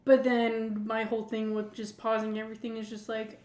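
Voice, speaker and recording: High-voiced woman rambling in casual chat. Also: monotone, moderate pace, few pauses, a little mellow, roomy sound. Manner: rambling, heavy use of "like". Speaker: podcast co-host.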